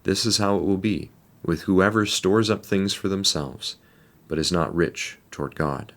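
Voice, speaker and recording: Low-voiced man giving a devotional. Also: fairly bright tone. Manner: measured, deliberate, with rhetorical questions. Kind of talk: devotional reading and reflection.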